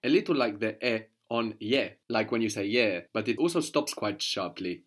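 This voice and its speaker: Patient low-voiced male language teacher. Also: expressive. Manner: patient, coaxing, models pronunciation slowly. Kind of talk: spoken language lesson with a student.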